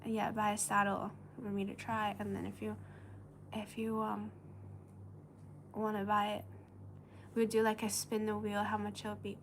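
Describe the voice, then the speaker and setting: A woman's voice: medium pitch, monotone, a little slow, long pauses, slight background noise. A woman whose first language is Chinese, hosting a casual livestream and reading viewer comments in a giggly, hesitant way. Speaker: livestream host.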